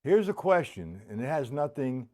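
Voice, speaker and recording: A man's voice: mid-range voice, sing-song, moderate pace, dark tone. Chatty man teaching drums on a live stream. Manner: casual, chatty, reads viewer comments aloud. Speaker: drum teacher. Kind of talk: live-streamed drum lesson. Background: drums played between talk.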